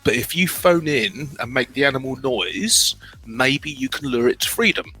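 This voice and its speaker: A middle-aged British man with a bright, sharp tone shares his story as an interview guest. He is animated and self-deprecating, and he trips over and restarts his sentences as he goes. Faint music plays underneath. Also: medium pitch, moderate pace, husky, low-quality recording. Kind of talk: candid personal storytelling.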